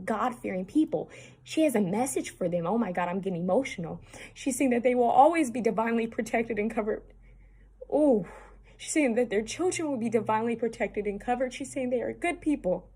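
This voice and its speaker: Woman, spiritual medium, husky breathy voice, halting, repetitive, earnest delivery. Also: mid-range voice, a little mellow. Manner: halting, repetitive, earnest, addresses viewers directly. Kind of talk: channeled spirit reading to camera.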